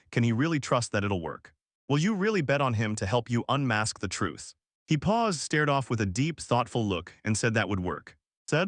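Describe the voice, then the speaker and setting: A man's voice: medium pitch, no room sound, studio quality. A man narrating a story recap in a casual, punchy, slangy way, sometimes restarting a word.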